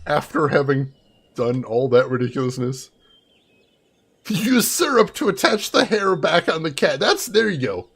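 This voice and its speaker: A man's voice: on the high side, very animated, a little slow, a bit bright, husky. A man commentating a video game playthrough, sarcastic and amused, talking to his chat. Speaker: game streamer. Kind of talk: let's play commentary.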